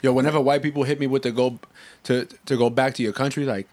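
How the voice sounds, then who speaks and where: A man's voice: mid-range voice, steady tone, fast, a little mellow. A man co-hosting a casual podcast, speaking bluntly and profanely in an offhand way. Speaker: podcast co-host. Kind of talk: casual chat.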